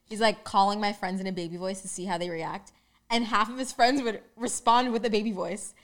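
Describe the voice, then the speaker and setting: A young woman co-hosts a podcast and talks fast in easy, casual chat. She is giggly and animated, with her stories tumbling out one after another. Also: mid-range voice. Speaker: podcast co-host.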